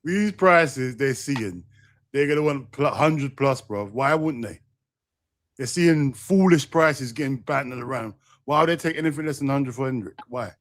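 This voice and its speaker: A man on a football fan stream, teasing his co-host with emphatic questions. He leans on slang. His voice is plainly mid-pitched. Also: expressive, moderate pace, a little hiss or hum. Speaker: co-host of a fan talk show. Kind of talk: casual chat.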